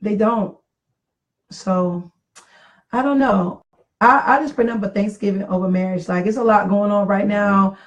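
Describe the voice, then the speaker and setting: A woman's voice: mid-range voice, fairly even intonation, measured pace, pauses often, lo-fi sound. A middle-aged woman in casual talk about marriage, earnest and reflective, repeating phrases for emphasis. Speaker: podcast co-host.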